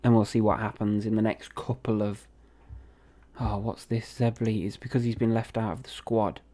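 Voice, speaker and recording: A man's voice: on the low side, little pitch movement, normal speed, dark tone. Chatty young man. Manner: chatty, reacting aloud as he plays. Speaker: gaming video host. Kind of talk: casual game commentary.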